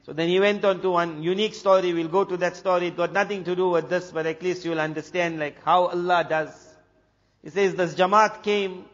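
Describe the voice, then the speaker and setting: A man from South Africa, a preacher telling a story in an animated way, dropping to a hush for the dramatic moments. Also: high voice, a little fast. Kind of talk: storytelling talk. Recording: dull lo-fi recording with long hall reverb.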